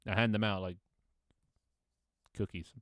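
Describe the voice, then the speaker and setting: A man with an English accent talks casually to his stream in a lowish voice. He rambles, jokes and swears freely. The sound is close and dry, with no room around it. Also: steady tone, a little slow, a bit bright, no room sound. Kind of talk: casual live-stream chat.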